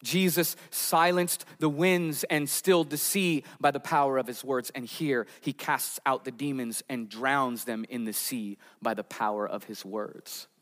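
A man's voice: medium pitch, steady tone, measured pace, few pauses, fairly bright tone, big-room sound. A man preaching an expository sermon, building emphasis and sometimes voicing quoted pleas. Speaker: pastor.

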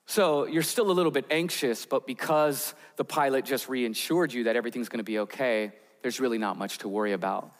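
A man's voice: mid-range voice, a little fast, few pauses, in a large hall. A man preaching a sermon, telling vivid stories that build tension. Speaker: pastor.

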